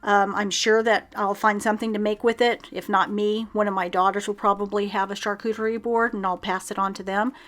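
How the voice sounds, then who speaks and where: A woman's voice: mid-range voice, little pitch movement, a little fast, few pauses, fairly bright tone. A woman, chatting casually through a home decluttering video with frequent ums and little laughs at herself. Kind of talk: casual how-to voice-over.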